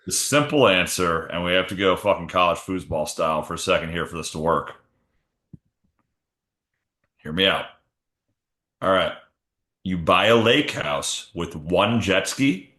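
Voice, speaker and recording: A man's voice: low voice, unhurried, long pauses, sharp tone, roomy sound. A man co-hosting a casual comedy sports podcast, swearing freely and spinning silly hypotheticals. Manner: jokey, profane, acts out bits in goofy voices. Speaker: podcast co-host.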